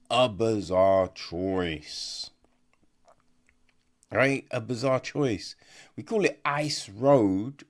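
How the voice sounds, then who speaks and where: A man talks through a film review in a loose, rambling podcast chat, leaning on fillers and tossing in "right?" again and again. His pitch rises and falls with lively movement, and he takes his time, speaking at an unhurried pace. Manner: rambling, exasperated, lots of fillers and rhetorical "right?".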